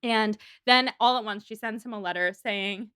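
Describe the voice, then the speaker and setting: A woman co-hosts a casual book-club podcast, chatting and reading passages aloud with playful emphasis. Her voice is bright and clear, recorded dry and close with no room sound. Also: on the high side, moderate pace, dry recording. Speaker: podcast co-host. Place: apartment room in a city.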